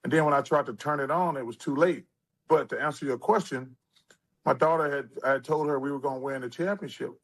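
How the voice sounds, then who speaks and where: A man in his sixties, a former basketball player, telling animated stories in an interview and acting out what people said. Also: mid-range voice, a little fast, low-quality recording. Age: 60s. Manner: animated storyteller who acts out quotes. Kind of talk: storytelling interview.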